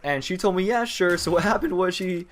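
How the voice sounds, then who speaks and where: A man's voice: high-pitched, fast talker, slight background noise. A teenage boy casually telling a personal story in a rambling way, with many fillers and restarts. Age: teens. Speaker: vlogger telling personal stories.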